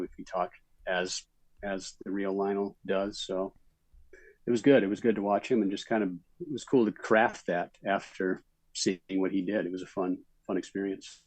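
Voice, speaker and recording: A middle-aged man from Minnesota, a guest actor, telling stories in a relaxed interview chat with many fillers. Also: deep voice, dry recording, rough recording.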